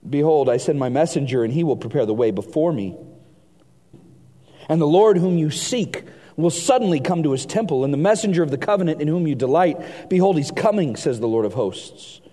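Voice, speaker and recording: A man preaching a sermon, reading scripture aloud and swinging between hushed and emphatic delivery. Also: a little high, lively intonation, normal speed. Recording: long hall reverb.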